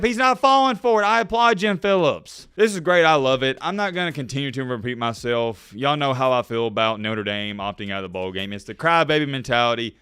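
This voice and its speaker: Young guy, bright crisp voice, dry close sound, excitable sports ranter. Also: no echo. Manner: animated, swings between loud outbursts and low asides. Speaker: sports commentary YouTuber. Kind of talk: solo sports commentary rant.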